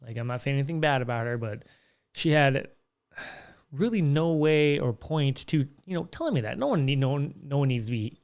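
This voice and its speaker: A man's voice: mid-range voice, animated, brisk, darkish tone. A young man hosting a casual solo podcast from a small curtained room, telling stories in a rambling way with frequent restarts. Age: young adult. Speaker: podcast host.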